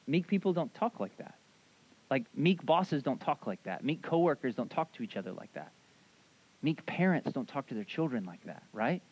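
A pastor with a slightly high voice delivers a casual sermon at a brisk clip, sounding conversational and animated. He peppers his talk with "like" and "right?" and acts out short quotes, all on a lo-fi recording.

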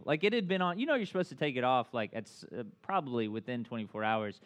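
Pastor, thirties, male, slightly high voice; loose chatty sermon full of asides and self-mocking jokes. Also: lively intonation, fast, few pauses, a bit bright. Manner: conversational, filler-heavy, asks the crowd often; self-deprecating humor.

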